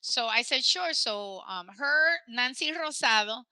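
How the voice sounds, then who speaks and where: A woman's voice: high voice, expressive, a little slow, sharp tone, smooth, no room sound, poor audio. A woman hosting a casual podcast conversation, telling stories animatedly and dropping in Spanish phrases. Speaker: podcast host.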